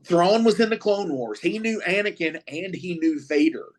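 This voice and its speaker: A man's voice: high-pitched, expressive, moderate pace. A man co-hosting a podcast, recapping a show in loose casual chat with lots of swearing and "you know" fillers. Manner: loose and profane, recapping plot with many fillers. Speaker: podcast co-host.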